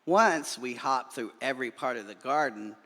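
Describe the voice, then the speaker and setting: A male minister reading a children's story aloud in a church, doing animated voices for the characters. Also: mid-range voice, moderate pace. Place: church sanctuary. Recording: long reverb of a large hall.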